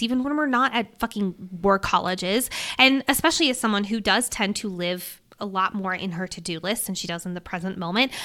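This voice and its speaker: Bright, animated woman co-host. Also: fairly high pitch. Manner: animated, expressive, swears casually. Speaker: podcast co-host. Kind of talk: casual book discussion.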